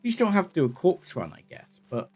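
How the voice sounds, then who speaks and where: Excitable man narrating gameplay. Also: high voice, brisk, soft background music. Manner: excitable, swings from calm chatter to yelling in panic. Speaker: gaming video creator. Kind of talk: let's play commentary.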